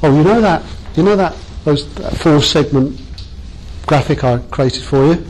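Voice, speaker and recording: A man running a training workshop for a small group, talking in a chatty, self-mocking way. His voice sits a little high, with a faint hum of room noise behind him. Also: normal speed, darkish tone, low-quality recording.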